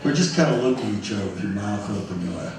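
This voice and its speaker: A man telling a story on stage in a small music club, animated and emphatic, acting out the dialogue with others as he goes. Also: fairly low pitch, fast, vocal fry, a little hiss or hum. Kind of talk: live onstage storytelling. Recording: echoey live club from a distant mic.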